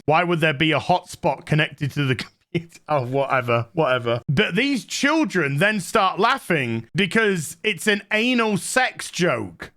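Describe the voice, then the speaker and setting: A man sarcastically recapping a TV episode, exasperated and swearing, with deadpan mockery. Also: high-pitched. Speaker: show reviewer.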